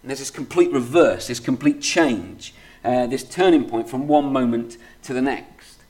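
Male preacher, mid-pitch, conversational sermon delivery with scripture reading. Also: normal speed, a little mellow. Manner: conversational, many fillers like "kind of" and "you know"; reads scripture aloud steadily.

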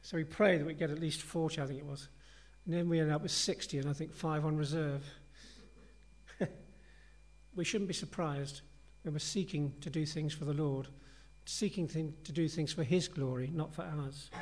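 Speaking at a normal rate, a male preacher delivers a relaxed, talk-like sermon, earnestly reflecting on a passage with his congregation. His pitch runs a little high for a man.

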